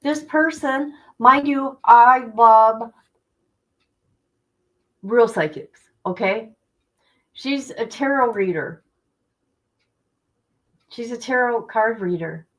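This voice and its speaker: Slow-talking, indignant woman streamer. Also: a little high, animated, low-quality recording. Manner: indignant, talks straight to her viewers. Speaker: true-crime livestream host. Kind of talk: heated livestream commentary.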